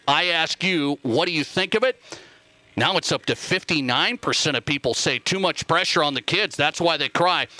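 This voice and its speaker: Bright, emphatic sports radio host man. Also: a little high. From Montana. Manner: emphatic, repeats phrases, reads listener texts aloud. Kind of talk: casual call-in radio talk.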